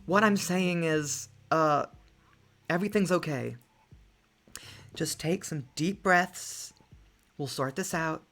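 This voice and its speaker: A woman voicing a brisk, soothing barista. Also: low voice, heavily acted. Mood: calm. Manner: brisk, soothing, slips into Australian. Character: brisk, reassuring female barista. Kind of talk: game dialogue read aloud. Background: soft lofi music.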